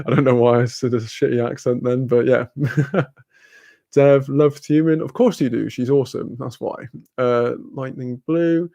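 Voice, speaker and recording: A man's voice: mid-range voice, fairly even intonation, measured pace, creaky, mellow, no room sound, clean studio sound. A man hosting a livestream, casually reading the chat aloud, laid-back, laughing often and swearing freely. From Wales. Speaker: livestream host.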